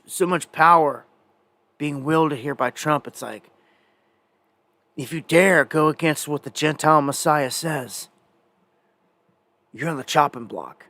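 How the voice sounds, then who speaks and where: Man, live news commentary host, rambling casual delivery, slightly high voice, dry close sound. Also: pushed and bright, no echo. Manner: rambling, conversational, frequent fillers and restarts. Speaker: independent news show host.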